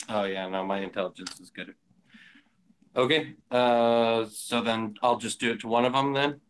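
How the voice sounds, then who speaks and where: A man's voice: mid-range voice, normal speed, slight background noise. A man playing a tabletop game, casually describing his character's actions. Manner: relaxed, speaks his character's actions aloud. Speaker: player.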